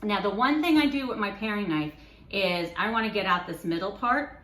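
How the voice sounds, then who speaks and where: A woman's voice: medium pitch, expressive, normal speed, fairly bright tone, echoey room. A woman teaching a cooking lesson in a kitchen, explaining each step patiently and slipping in playful asides. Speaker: cooking instructor. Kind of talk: kitchen demonstration.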